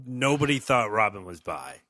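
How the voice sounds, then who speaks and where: A man with a bright voice trades dry one-liners in a loose comedy chat. The sound is dry and close, with little room echo. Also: fairly low pitch, very animated, normal speed. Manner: dry quips between laughs.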